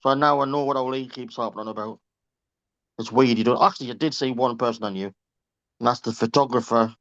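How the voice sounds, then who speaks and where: A regular on a reading group's call, he tells casual anecdotes in a brisk, slightly bright mid-range voice, chatty and profane, laughing through his stories. The recording is dry and slightly muffled, with no echo.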